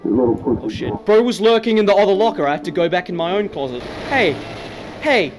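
A man's voice: high-pitched, sing-song, normal speed, soft background music. A young man, giving crude, rambling, jokey commentary while playing a horror game. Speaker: gaming YouTuber.

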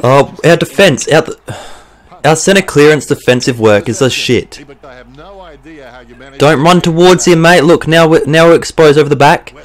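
A young Australian man with a voice on the high side keeps a measured pace while commentating his own football video game. As a gaming YouTuber doing a let's play, he swears, grows excitable, and vents bursts of frustration.

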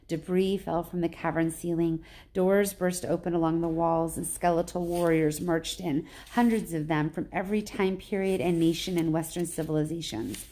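A woman teacher reading a novel aloud in plain, even storytelling with small slips. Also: lowish voice, moderate pace.

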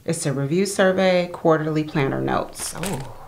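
Slow, low-voiced woman unboxing. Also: a little hiss or hum, rough recording. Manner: relaxed, chatty, murmurs to herself while handling items. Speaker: planner unboxing vlogger. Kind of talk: casual unboxing chat.

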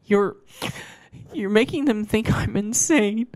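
A man voicing a desperate, trapped woman doctor who stammers in a high, strained voice. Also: slow, a little mellow. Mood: pleading. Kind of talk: storytelling voice acting.

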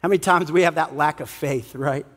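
High voiced pastor guy preaching, lively, acts out the story people, long hall echo. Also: fairly quick. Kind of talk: sermon. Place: church hall.

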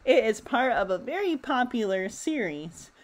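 A woman reading a children's picture book aloud in a gentle, expressive way, chatting to her listeners. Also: a little high, moderate pace. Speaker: storybook reader. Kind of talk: children's story read-aloud.

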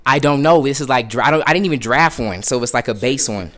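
A young man giving excited live commentary on a football video game, bursting into shouts with friends in the room. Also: medium pitch, fast. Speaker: gameplay commentator. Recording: loud music over the voice.

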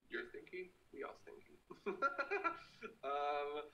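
A young man chatting casually on a home live stream, playful and quick to laugh as he reads viewer comments. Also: fairly high pitch, vocal fry, fairly bright tone, distant mic, highs cut off. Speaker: livestreamer. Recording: echoey room, away from the mic, faint hiss.

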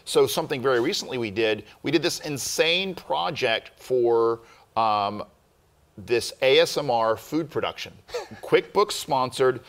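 A man's voice: mid-range voice, expressive, measured pace, a bit bright. A man co-hosting a casual filmmaking chat show, explaining things in an earnest way. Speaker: filmmaker co-host.

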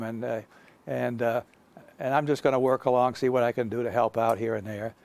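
An older man giving an unscripted lecture about his own experience, halting, with many fillers and restarts. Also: medium pitch, flat delivery, creaky, darkish tone. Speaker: guest lecturer recounting experience.

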